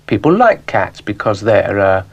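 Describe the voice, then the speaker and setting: A man's voice: lowish voice, big pitch swings, measured pace, creaky, breathy edge, highs cut off, full character voice. Man voicing earnest young girl, prim, lightly acted.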